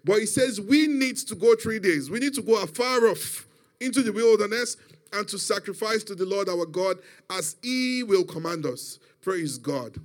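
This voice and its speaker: Brief: male preacher, high voice, emphatic call-and-response sermon. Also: animated, normal speed.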